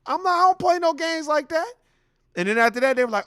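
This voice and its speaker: A man's voice: very high-pitched, fast talker, bright, forceful tone, clear, resonant tone, dry recording, studio quality. A man hosting a commentary show, ranting bluntly and heatedly, telling stories with acted-out quotes. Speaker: host.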